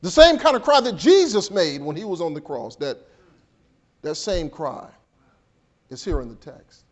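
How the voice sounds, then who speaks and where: A man preaching a sermon as pastor, swinging between hushed and raised delivery, often repeating words as he builds a point. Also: very animated, normal speed. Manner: preaching with dramatic swings in pitch and volume.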